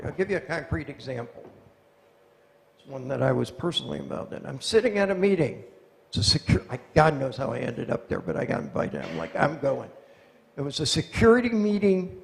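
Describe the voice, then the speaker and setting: A man with a gravelly, fairly high voice tells animated stories while answering audience questions. His voice rings with the long reverb of a lecture hall. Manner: animated storyteller, acts out quoted voices. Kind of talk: lecture Q&A, anecdotal storytelling.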